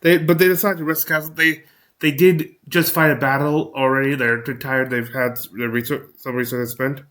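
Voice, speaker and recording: A man recapping a tabletop game in casual commentary, talking in a halting way with frequent restarts. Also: mid-range voice, flat delivery, a bit bright. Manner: halting, many restarts and fillers. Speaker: recap host.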